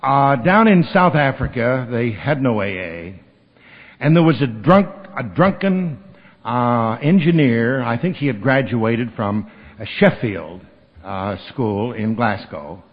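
A man's voice: mid-range voice, slow. Man telling a story in a reverberant hall. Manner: animated storyteller acting out the people he quotes. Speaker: speaker at a recovery meeting. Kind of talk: storytelling talk. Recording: dull lo-fi recording with long hall reverb.

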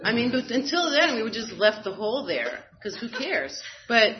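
A woman with a slightly high voice swings widely in pitch at a moderate pace while a crowd is heard behind her. As a guest, she tells a personal story candidly and wryly, with fillers and bursts of laughter. The audio is slightly dull with faint noise.

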